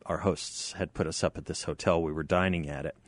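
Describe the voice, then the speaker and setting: A man hosting a studio radio talk show, joking with his guests and laughing loudly at his own stories. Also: very deep voice, fairly even intonation, a little fast, no echo.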